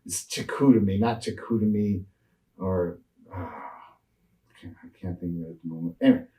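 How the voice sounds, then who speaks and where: Older man telling road stories, low voice. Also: normal speed, mellow, recorded from a distance, rough recording. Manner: rambling, many fillers and restarts. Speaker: retired pro wrestler, interview guest. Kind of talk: shoot interview, rambling storytelling.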